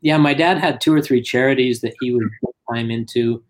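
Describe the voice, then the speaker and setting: A middle-aged man tells stories in a relaxed conversational way, slipping into the voices of the people he quotes. His voice sits at an ordinary pitch for a man. He keeps a steady, chatty flow. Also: fairly quick. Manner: animated anecdotes, acts out quotes. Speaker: guest. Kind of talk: casual storytelling.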